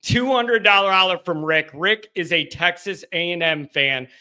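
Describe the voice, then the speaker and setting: A man hosting a live postgame fan call-in stream, talking emotionally and excitably and sometimes shouting. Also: high voice, normal speed, clean tone. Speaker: host of a fan call-in show.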